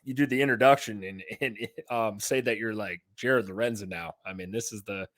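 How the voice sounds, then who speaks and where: Excitable joking podcast co-host man. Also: fairly low pitch, fairly quick, no room sound, clean studio sound. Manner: excitable, jokey, lots of fillers. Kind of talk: casual sports podcast chat.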